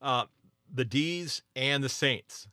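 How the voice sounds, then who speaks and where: An American man talks through his sports podcast in a loose, rambling way, full of fillers, and keeps calling his listeners folks. His voice is bright and forceful, and it sounds dry and close, with no room around it. He speaks at a middle pitch for a man. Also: slow, no echo. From United States. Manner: chatty, addresses listeners as folks, many fillers. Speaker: podcast host and footy tipster. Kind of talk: solo sports podcast commentary.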